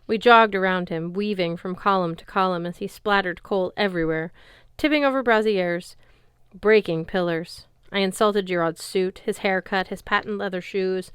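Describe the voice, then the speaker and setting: A woman reading a fantasy novel aloud as an audiobook narrator, in a lively storytelling way. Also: medium pitch, clear, resonant tone, no echo, studio quality. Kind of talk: scripted narration.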